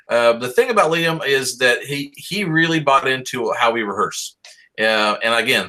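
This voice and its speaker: Bright-voiced band director on a call. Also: male voice, medium pitch. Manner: upbeat, rambling, with many fillers. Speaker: high school band director. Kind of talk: video-call speech honoring seniors. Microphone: video call.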